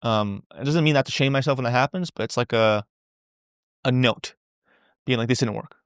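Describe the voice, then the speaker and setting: A man's voice: medium pitch, moderate pace, fairly bright tone, clear, resonant tone, no room sound, clean studio sound. A man speaking as a podcast guest, talking candidly and loosely, repeating words as he goes and swearing casually. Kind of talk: candid conversational interview.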